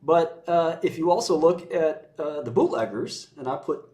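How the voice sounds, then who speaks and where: A man's voice: on the high side, expressive, moderate pace, dark tone. A man giving his views in casual conversation, blunt and sardonic, often laughing as he mocks. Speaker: commentator. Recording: roomy echo.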